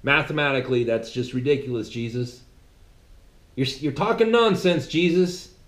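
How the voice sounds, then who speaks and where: A man's voice: mid-range voice, normal speed. A man delivering a sermon-like monologue in a mocking, conversational way. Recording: roomy echo.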